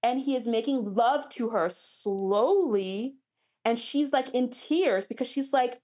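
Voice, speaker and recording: A woman's voice: fairly high pitch, slow pace, a little mellow. A woman romance author as an interview guest, chatting animatedly with frequent restarts. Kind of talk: casual interview chat.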